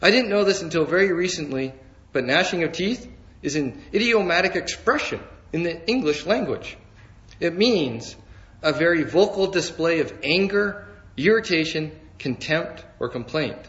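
A man preaching a sermon in a measured, emphatic way, slowing down to stress key phrases. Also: a little high, fairly bright tone, highs cut off.

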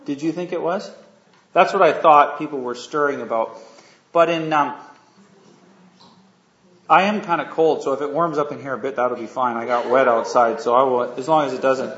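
A man's voice: medium pitch, fairly even intonation, moderate pace, long pauses, a bit bright. A man preaching a sermon in a casual, conversational way, telling a story and often asking the listeners questions. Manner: conversational, asks the audience questions, many fillers. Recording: echoey room, dull lo-fi sound.

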